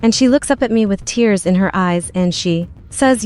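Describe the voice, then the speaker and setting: A woman's voice: medium pitch, moderate pace, few pauses, a little mellow. A woman telling a personal story in the first person, in a plain, run-on retelling style, with faint music behind.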